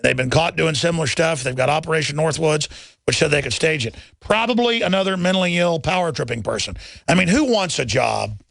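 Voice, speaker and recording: A man's voice: fairly high pitch, animated, fairly quick, creaky, fairly bright tone, no echo, studio quality. A man hosting a talk radio show, ranting in a rambling, heated way with many restarts before taking calls. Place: radio studio.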